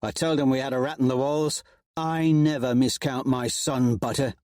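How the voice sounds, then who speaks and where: A man voicing a paranoid, gruff male soldier who grumbles petulantly. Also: medium pitch, steady tone, moderate pace, a little mellow, dry recording, studio quality, natural voice. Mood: grumbling.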